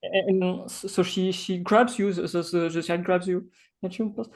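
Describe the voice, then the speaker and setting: A man running a tabletop game as game master, pausing often and restarting his sentences as he describes scenes. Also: sits high, level tone, a little mellow. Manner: hesitant, full of ums and restarts.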